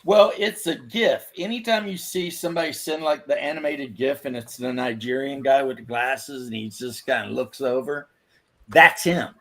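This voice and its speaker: A man's voice: mid-range voice, moderate pace. A man in casual podcast chat, blunt and offhand, telling a story.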